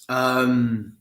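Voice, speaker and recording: A man's voice: mid-range voice, sharp tone. A man chatting casually about football to fans in a rambling, direct way, with a nagging cough. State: has a cough. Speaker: football fan vlogger. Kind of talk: casual solo football chat. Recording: roomy echo.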